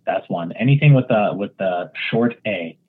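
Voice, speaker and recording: A man's voice: on the low side, animated, normal speed, slightly rough. A man with a Wisconsin accent, a podcast guest, explaining things patiently and step by step. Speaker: guest realtor. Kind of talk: casual podcast chat. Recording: tinny phone-like line.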